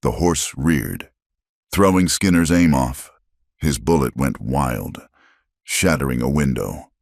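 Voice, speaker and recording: A man's voice: rumbling low, expressive, slow pace, gravelly, dry recording, studio quality. A man giving dramatic scripted narration of a story.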